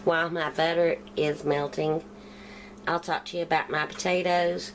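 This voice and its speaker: Country-accented woman, home-cooking host, slightly low voice, relaxed talk over faint kitchen noise. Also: moderate pace. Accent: Southern US country. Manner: chatty, step-by-step explaining while cooking. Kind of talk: casual cooking demonstration.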